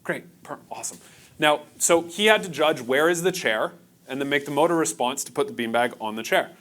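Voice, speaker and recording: A man's voice: on the high side, expressive, fairly quick, fairly bright tone. A man presenting a workshop to a live audience in a conference room, talking casually and joking with the crowd. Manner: casual, engaging, jokes with the audience.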